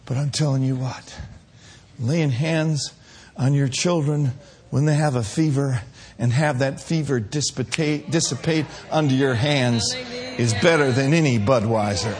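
A man from Minneapolis preaching a sermon, playful and animated, sometimes rising to shouts. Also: on the high side, moderate pace, husky. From Minneapolis, USA.

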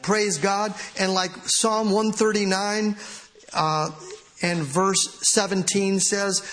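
High-voiced animated male preacher. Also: slow pace, slight background noise. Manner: animated preaching, laughing, reading scripture aloud. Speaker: pastor. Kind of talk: sermon.

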